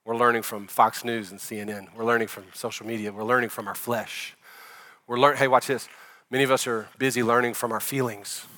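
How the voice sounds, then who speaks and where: A male pastor in his forties delivering a sermon in a bright, forceful voice. He preaches conversationally, pushing some phrases out loud and letting others fall to a near hush. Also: medium pitch, steady tone, a little fast. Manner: conversational preaching, rising loud for emphasis then dropping soft.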